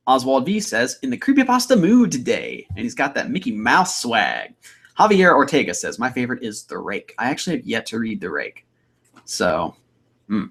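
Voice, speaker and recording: A young man hosting a casual livestream, chatty and upbeat as he rambles through viewer comments. His voice has a gravelly edge, and his pitch swings around a lot. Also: a bit bright. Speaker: livestream host.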